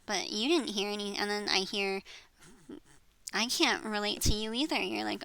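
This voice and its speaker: A woman's voice: mid-range voice, moderate pace, creaky, sharp tone, no echo, low-quality recording. A woman in her thirties rambling in a personal vlog, frustrated, trailing off and swearing as she vents. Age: 30s. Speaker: vlogger. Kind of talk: rambling personal venting monologue.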